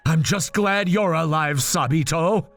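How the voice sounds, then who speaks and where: Man voicing a male swordsman, dying, gentle, resigned, slow, light music behind. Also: a little high. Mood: tender.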